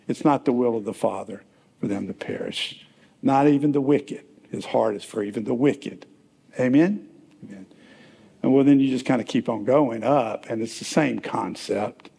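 Pastor, male, gravelly and a bit husky, chatty sermon delivery, reverberant sanctuary. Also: medium pitch, normal speed, dark tone. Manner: conversational, rambling, asks the congregation questions. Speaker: preacher. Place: church sanctuary.

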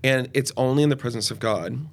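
An enthusiastic, loud man in his forties, talking off the cuff as a ministry guest in an interview. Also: medium pitch, brisk, vocal fry. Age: 40s. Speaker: guest youth and young adult ministry leader. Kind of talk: podcast interview conversation.

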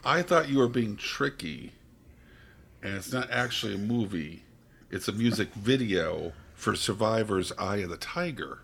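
A man's voice: lowish voice, lively intonation, a little slow, gravelly, a bit bright, slight background noise. A man competing in a casual trivia game, wry and self-deprecating. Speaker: quiz contestant.

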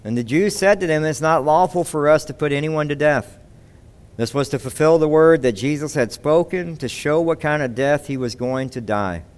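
Pastor, sermon delivery, slightly high, smooth clear tone. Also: male voice, normal speed. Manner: expository preaching with rhetorical questions.

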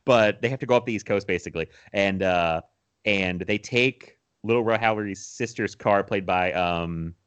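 A man's voice: on the low side, moderate pace, a bit bright, smooth. A young man co-hosting a podcast, chatting casually about movies, rambling with restarts and laughing often. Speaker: podcast co-host.

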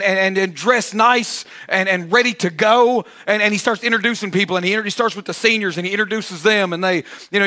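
A man's voice: high voice, bright, forceful tone. A man preaching a sermon as pastor, telling a personal story in a casual, repetitive way, often saying "man". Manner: storytelling, repeats words, says "man" often.

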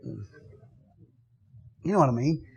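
A man preaching a sermon as pastor, swinging from hushed, conversational asides to loud, shouted declarations. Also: mid-range voice, lively intonation, unhurried, vocal fry, highs cut off, a little hiss or hum.

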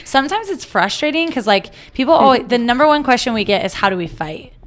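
A woman's voice: a little high, animated, fast. A woman guest on a podcast in casual chat, talking chattily with many fillers. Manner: chatty, filler-heavy, lots of "like".

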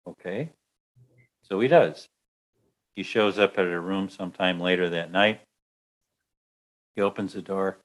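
Guy telling a story, lowish voice, gets into the characters. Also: unhurried, long pauses. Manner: lively, acts out the voices. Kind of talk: telling an anecdote.

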